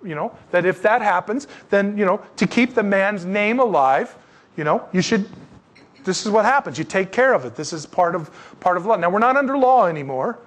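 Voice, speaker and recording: Man preaching, lively swooping pitch, high voice, joking asides, middle-aged. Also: moderate pace. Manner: animated, jokey, exclaiming asides. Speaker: pastor. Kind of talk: sermon.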